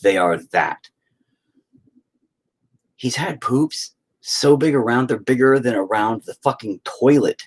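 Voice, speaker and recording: A man's voice: medium pitch, animated, takes it slowly, long pauses, husky. A man, a father, ranting profanely and rambling on a casual live stream, slipping into mock voices. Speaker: livestreamer and father.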